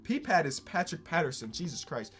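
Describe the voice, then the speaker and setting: Excitable male gaming YouTuber, somewhat high-pitched, casual hyped commentary with soft music underneath. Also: moderate pace. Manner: excitable, swings from hyped to dry asides.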